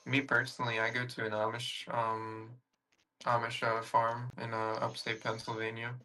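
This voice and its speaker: A man's voice: mid-range voice, completely flat delivery, normal speed, sharp tone, poor audio. A tired man in casual voice chat, talking hesitantly with fillers and trailing off. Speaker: voice chat participant.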